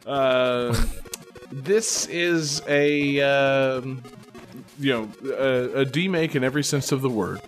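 A man's voice: medium pitch, slow pace, faint music behind. A man with a Boston accent chatting casually on a podcast, rambling with many fillers and laughing often. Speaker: podcast co-host.

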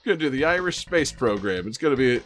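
A man's voice: medium pitch, very animated, fast talker, fairly bright tone. A man hosting a game-show podcast in casual joking chat, upbeat and teasing, laughing often.

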